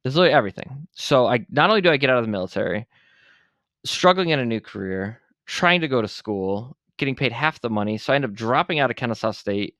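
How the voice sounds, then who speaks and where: As a podcast guest, a seasoned Buffalo, New York entrepreneur in his forties talks fast at medium pitch, spinning his story in a blunt, animated way with some profanity. The candid interview storytelling has studio quality and no room sound.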